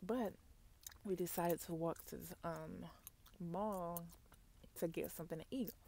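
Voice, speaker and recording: A woman, telling a chatty, animated ASMR story in soft, half-whispered role-play, close to the mic. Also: fairly low pitch, a little slow, vocal fry, a little hiss or hum. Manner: chatty, animated storytelling, addresses viewers as y'all. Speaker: ASMR vlogger.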